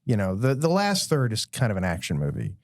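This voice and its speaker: A man's voice: fairly low pitch, wildly swooping pitch, a little fast, dry recording, studio quality. A man co-hosting a podcast, rambling through movie trivia and chuckling at the jokes. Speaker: podcast co-host. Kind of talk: casual chat about a film.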